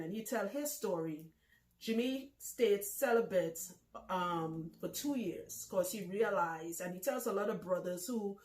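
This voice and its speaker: A woman in her thirties hosting a casual vlog, talking loudly and bluntly and laughing often. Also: medium pitch. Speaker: vlog host. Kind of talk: casual talk to camera. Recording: echoey room.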